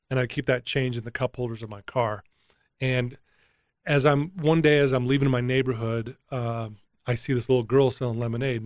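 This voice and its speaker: A middle-aged man recounts a personal turning point as an interview guest, speaking earnestly and with feeling. His voice sits in an ordinary middle pitch, recorded close and dry with no room sound. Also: no room sound. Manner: earnest, emotional, animated retelling. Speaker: guest, addiction recovery coach. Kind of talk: candid storytelling interview.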